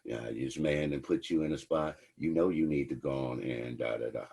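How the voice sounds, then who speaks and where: A man voicing a two-faced female police officer who coaxes a young woman in a slow drawl. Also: rumbling low, gravelly, warm tone, slightly rough, exaggerated voice. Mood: coaxing. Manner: coaxing, drawling. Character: scheming female police officer, falsely sisterly.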